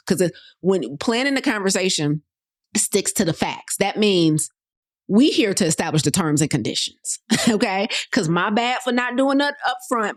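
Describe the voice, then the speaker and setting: A woman hosting a motivational talk, direct and animated, speaking casually in to her listeners. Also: on the low side. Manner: direct, animated, colloquial, addresses listeners as y'all and you guys. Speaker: host. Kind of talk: motivational talk to an online audience.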